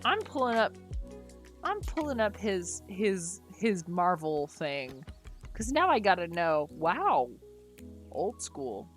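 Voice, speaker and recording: Excitable woman chatting on a stream. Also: on the low side, takes it slowly, faint music behind. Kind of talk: casual chat on a live stream.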